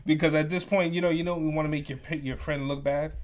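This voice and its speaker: A young man telling profane, animated work stories as a podcast co-host. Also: a little high, fast talker. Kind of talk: casual storytelling.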